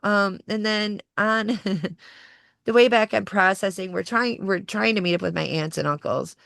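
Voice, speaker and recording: Creaky-voiced woman telling a personal story. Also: mid-range voice, measured pace, no echo, studio quality. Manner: animated, acts out quoted voices, laughs through the story. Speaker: podcast guest. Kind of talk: personal storytelling in casual conversation.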